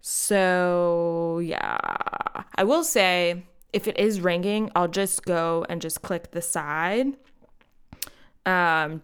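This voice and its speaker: A woman's voice: on the low side, clean tone. A woman in her thirties hosting a casual solo podcast, chatting straight to her listeners and laughing often. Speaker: podcast host.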